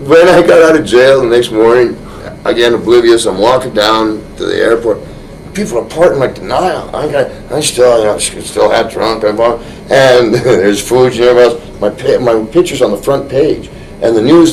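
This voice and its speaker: A man as an interview guest, telling a rambling anecdote full of restarts, often chuckling and getting animated. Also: medium pitch, poor audio.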